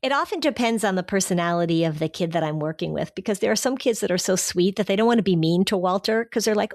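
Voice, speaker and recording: Woman podcast host, mid pitch, animated advice-giver, dry booth sound. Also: quick pace, hardly any pauses, no echo. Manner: animated, acts out kids' voices in quotes. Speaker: podcast host, anxiety expert.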